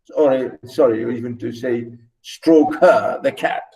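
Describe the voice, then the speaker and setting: A man's voice: mid-range voice, measured pace, creaky, dark tone, low-quality recording. A man lecturing a class, reading a story aloud and asking students rhetorical questions. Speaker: literature lecturer.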